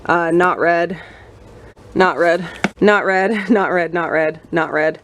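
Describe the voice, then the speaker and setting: A young woman book vlogger chatting to camera at home among her bookshelves, self-mocking and quick to laugh. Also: fairly low pitch, fairly bright tone, a little hiss or hum. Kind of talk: casual chat to camera. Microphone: camera mic.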